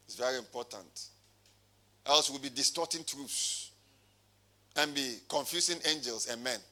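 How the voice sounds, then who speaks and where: A man's voice: mid-range voice, a little slow, pushed and bright. A male pastor preaching a sermon, calling out to his congregation and reading scripture aloud. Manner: preaching with call-and-response.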